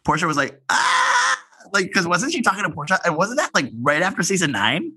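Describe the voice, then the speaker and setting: A man's voice: high-pitched, very animated, fast talker, sharp tone, husky. A young man co-hosting a podcast, gossiping animatedly with many filler words. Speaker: podcast co-host. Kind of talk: casual chat.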